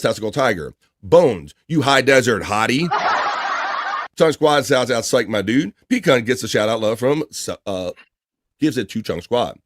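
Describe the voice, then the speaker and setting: A man's voice: mid-range voice, background noise. Laid-back man reading a live chat. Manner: reads chat messages aloud, loose and chatty. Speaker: livestream host reading chat. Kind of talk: casual chat.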